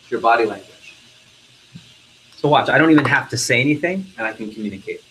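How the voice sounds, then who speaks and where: A man's voice: medium pitch, lively intonation, fast talker, fairly bright tone, slight background noise, rough recording. A man leading a live sales training session, energetically quizzing the trainees in the room.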